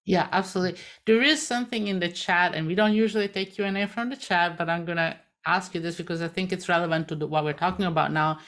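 Woman panel moderator, low-set voice, halting and filler-heavy, webinar tone. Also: a bit bright. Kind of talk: live webinar discussion.

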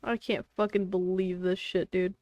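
A woman's voice: mid-range voice, little pitch movement, moderate pace, darkish tone, dry recording, highs cut off. A young woman streamer chatting casually to viewers, exasperated and swearing at her technical trouble. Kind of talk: casual live-stream chat.

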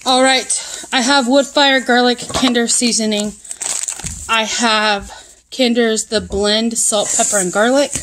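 A woman's voice: a little high, fairly even intonation, unhurried, a bit bright, a little hiss or hum, poor audio. A woman vlogging a casual grocery haul at home, chatting as she lists each item one after another. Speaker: mom vlogger.

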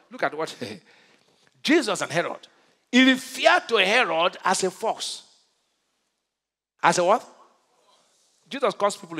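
A male pastor delivers an emphatic sermon, tossing call-and-response questions at his congregation. His voice sits high and rings bright and forceful. The sound carries the long reverb of a large church hall.

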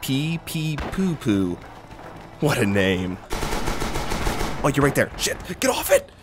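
An excitable young man talks through a war shooter in loose, rambling commentary, swearing freely and breaking into laughs. His pitch jumps around animatedly. Constant gunfire and explosions from the game sit clearly behind him. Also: unhurried, noisy background. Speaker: gaming commentator. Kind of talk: casual gameplay commentary. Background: gunfire and artillery from the game.

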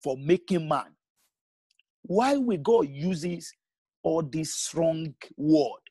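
A man preaching a sermon as pastor, emphatic, with big swings in pitch and pace and halting restarts when explaining. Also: expressive, dark tone, husky, dry recording.

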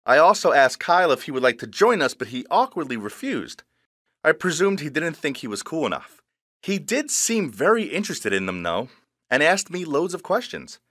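Animated man narrating a story. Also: a little high, no echo, clean studio sound. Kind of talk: first-person scripted story narration.

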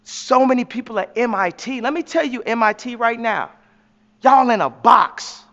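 A man's voice: very high voice, animated, moderate pace, a bit bright, big-room sound, dull audio. A man speaking as an interview guest in a slangy, emphatic, preachy way. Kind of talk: impassioned preachy talk.

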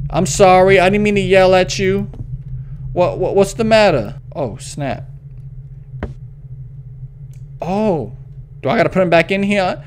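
A young gaming YouTuber plays through a horror game, talking at a moderate pace in a high-pitched voice. He's jumpy, swears a lot, and scolds an unseen baby as though he were its parent, with a faint hiss beneath his voice.

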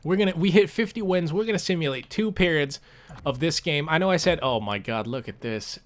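A young man casually commentating his own gameplay, swearing a lot and jumping from low mutters to loud outbursts. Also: a little fast. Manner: excitable, swears often, swings from mumbling to yelling. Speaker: gaming commentator.

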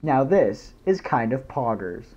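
A man's voice: mid-range voice, sing-song, measured pace, a little mellow, muffled recording. Goofy young man rambling over gameplay. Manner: goofy, rambling, jumps into silly voices. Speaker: gaming YouTuber. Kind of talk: casual gameplay commentary.

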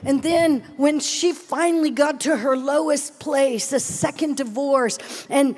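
A middle-aged woman preaching a sermon with personal testimony, animated and playful, dropping to hushed tones between exclamations. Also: high voice, measured pace. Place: large event hall, live audience.

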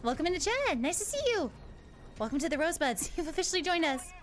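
A woman's voice: very high voice, big pitch swings, fast talker, a bit bright. A woman streaming a game, chatting casually with her viewers in a playful, giggly way with mock panic. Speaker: VTuber streamer. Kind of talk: casual gameplay livestream.

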